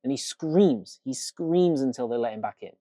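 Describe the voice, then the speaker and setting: Brief: male dog trainer, punchy and casual, mid pitch, dry close sound. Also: expressive, normal speed, dark tone, no echo. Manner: emphatic, casual, swears for effect. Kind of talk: direct-to-camera training tips.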